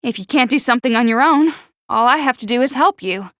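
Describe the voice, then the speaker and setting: A woman voicing a prickly, sharp-tongued teenage girl in a video game, who stutters when flustered. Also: a little high, lively intonation, fairly quick, no echo, clean studio sound. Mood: firm, teasing. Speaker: game character.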